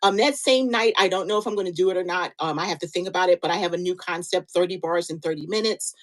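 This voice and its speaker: A woman's voice: on the low side, fast, rough recording. A woman in her fifties co-hosting a live-stream sale, chatting in an encouraging, motivational way and often restarting her sentences. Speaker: live-stream seller and co-host.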